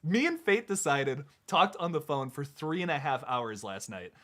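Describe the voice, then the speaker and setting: Excitable casual streamer guy. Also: fairly high pitch, moderate pace. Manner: excitable, laughs often, stumbles and restarts. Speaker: host. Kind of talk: casual live stream chat.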